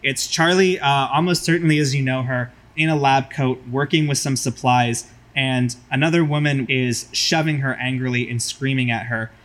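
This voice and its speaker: A man's voice: medium pitch, steady tone, normal speed, few pauses, fairly bright tone. A man narrating vividly as game master of a tabletop role-playing game.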